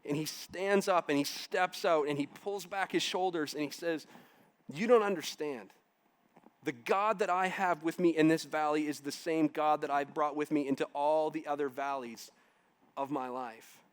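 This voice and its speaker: A middle-aged pastor delivers a sermon in a church, his voice sitting a little on the high side for a man. He preaches dramatically, building toward emphatic, forceful declarations. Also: moderate pace, clear, resonant tone.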